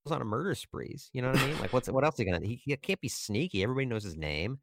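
A man on a podcast, talking about movies in an animated, joking way and firing off rhetorical questions. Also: medium pitch, very fast, no echo. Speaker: podcast co-host. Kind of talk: casual movie discussion.

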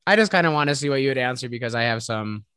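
A man's voice: mid-range voice, lively intonation, rapid-fire, a bit bright, clear, resonant tone, no room sound, clean studio sound. A man with a Midwestern accent co-hosting a podcast, bantering playfully with frequent giggles. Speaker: podcast co-host. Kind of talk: casual chat.

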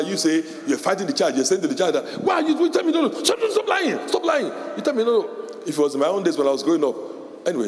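A middle-aged man preaching a sermon as pastor, animated, laughing often and shouting in a high voice when quoting parents. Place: church hall. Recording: echoey hall with long reverb.

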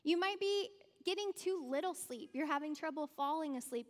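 A woman's voice: high voice, expressive, moderate pace, fairly bright tone. A woman speaking in a church, giving a conversational sermon and addressing the congregation directly. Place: church hall. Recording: long church-hall reverb.

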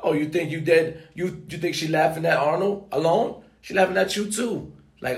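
A man's voice: a little high, brisk, vocal fry. A man giving a profane, preachy motivational rant, talking emphatically and swearing often. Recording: echoey room.

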